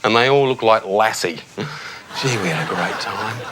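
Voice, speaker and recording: A man's voice: fairly low pitch, lively intonation, normal speed, background noise, close to an everyday voice. An actor with an Australian accent playing a tactless middle-aged suburban dad who tucks his son into bed, chatting in a breezy, chummy way and calling him mate. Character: blithely tactless suburban dad, cheerful and careless. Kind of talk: TV sketch comedy acting. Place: child's bedroom at night, a TV set.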